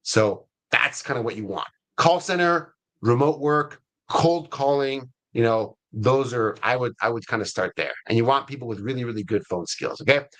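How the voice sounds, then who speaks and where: A middle-aged man with a US Hispanic accent, hosting a webinar in a casual, energetic way with many fillers and restarts. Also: mid-range voice, moderate pace, few pauses. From Latin America. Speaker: webinar host.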